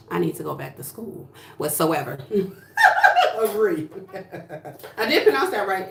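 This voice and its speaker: A woman's voice: lowish voice, sing-song, normal speed, a bit bright, recorded from a distance, a little hiss or hum. A woman from New Jersey chatting casually on a livestream, sassy and blunt with plenty of swearing. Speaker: livestream host. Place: home room, indoors. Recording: echoey room, voice from off-mic.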